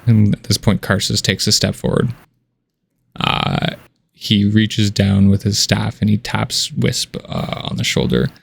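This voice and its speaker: A man's voice: lowish voice, expressive, unhurried, vocal fry, husky. A man narrating a tabletop game as game master, casual and descriptive with many fillers.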